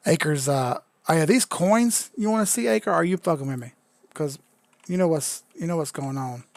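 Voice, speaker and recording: A man's voice: a little high, lively intonation, unhurried, gravelly, dry recording. A young man, a bit drunk, doing casual crypto chart commentary on a live stream, loose, joking and profane. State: tipsy.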